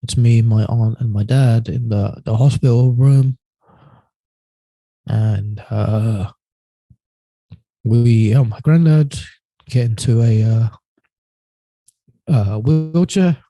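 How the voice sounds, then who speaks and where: A man telling a personal story as a podcast guest, halting and hesitant, often trailing off quietly. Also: mid-range voice, no echo.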